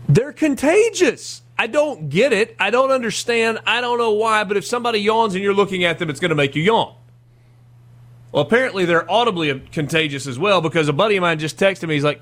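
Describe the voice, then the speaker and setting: A man, hosting a sports radio show in a chatty, self-deprecating way that turns animated when he jokes. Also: high voice, fairly quick. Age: 40s. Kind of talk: casual sports radio talk.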